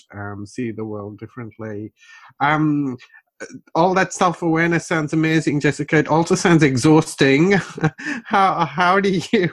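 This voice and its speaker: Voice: medium pitch, fairly bright tone, dry recording. An interviewer who thanks the guest and asks encouraging follow-up questions. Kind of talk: conversational interview.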